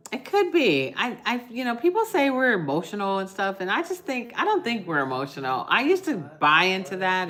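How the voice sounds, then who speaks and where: A middle-aged woman hosting a casual livestream, chatting with viewers, reading their comments and offering warm reassurance. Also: medium pitch. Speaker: livestream host. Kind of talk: casual live chat with viewers.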